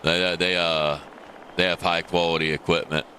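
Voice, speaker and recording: A man with a very low voice chats casually while streaming a game, wandering through his thoughts with plenty of ums and restarts. He talks through a gaming headset mic, and a steady hiss of noise sits behind him. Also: moderate pace. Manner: rambling, many fillers and restarts. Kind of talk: casual live-stream chat.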